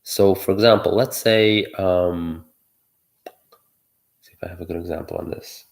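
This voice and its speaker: A man's voice: deep voice, steady tone, unhurried, creaky. A man giving solo political commentary, arguing his point while thinking aloud, with many fillers and restarts.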